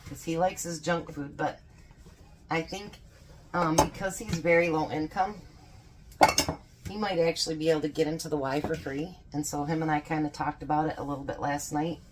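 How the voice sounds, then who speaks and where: A woman's voice: sits low, fairly even intonation, normal speed, slight background noise. A woman chatting folksily as she cooks in her home kitchen, laughing often. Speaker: home cooking vlogger. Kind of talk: casual cooking vlog chat.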